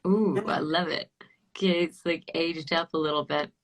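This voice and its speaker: A woman's voice: low voice, fairly even intonation, normal speed. A woman hosting a casual interview podcast, asking playful questions and laughing often. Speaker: podcast host.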